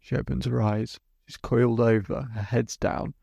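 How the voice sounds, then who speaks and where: A man's voice: mid-range voice, flat delivery, normal speed, gravelly, dark tone, slightly rough, no room sound. A middle-aged man hosting a podcast as a hypnotherapist, recounting a client session step by step and then explaining the method. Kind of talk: storytelling monologue.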